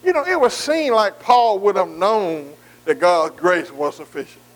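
A man's voice: sits high, expressive, measured pace, rough recording. A man leading a bible study in a conversational preaching style, folksy and informal, who keeps checking in with listeners. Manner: repetitive "see" and "am I right", engaging the room.

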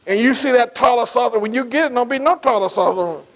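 Middle-aged male preacher, high voice, call-and-response, repeats phrases. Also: fast, a little hiss or hum, low-quality recording. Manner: call-and-response, asks the congregation questions; Black church preaching cadence, repeats phrases. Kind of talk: sermon.

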